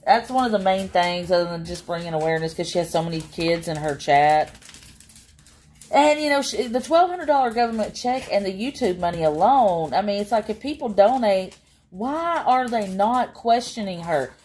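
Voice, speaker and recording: A woman's voice: medium pitch, expressive, moderate pace, a little mellow. A woman chatting casually on a livestream, rambling and exasperated, with many fillers.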